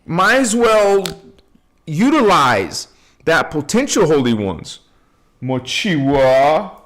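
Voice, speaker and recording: A man hosting a casual spiritual livestream, greeting viewers by name in a playful way and laughing often. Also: high voice. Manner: relaxed and unhurried. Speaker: livestream host.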